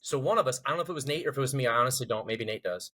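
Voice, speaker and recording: A man's voice: medium pitch, rapid-fire, rough recording. A man telling a funny military story in casual chat, acting out the others' lines in a raised voice. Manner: animated, acts out quotes with rising voice. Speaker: podcast host.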